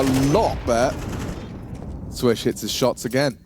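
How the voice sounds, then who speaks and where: Lively play-by-play esports caster, man. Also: mid-range voice, slow pace, pauses often, noisy background. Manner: excitable, playful. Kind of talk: play-by-play commentary. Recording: gunfire and game sounds behind.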